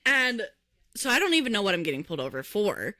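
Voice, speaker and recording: A young woman co-hosting a podcast, telling a story in casual chat, animated, swearing freely and acting out the people in it, speaking close to the mic. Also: mid-range voice, fast, no echo. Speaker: podcast co-host. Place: podcast recording room.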